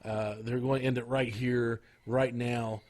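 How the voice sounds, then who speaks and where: A man chatting on a podcast in a mid-range voice, neither high nor low. He rambles through his stories with plenty of pauses, restarts and searching for words. The tone stays loose and conversational throughout. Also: flat delivery, darkish tone. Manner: rambling, lots of fillers and restarts. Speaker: podcast co-host. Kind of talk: casual chat.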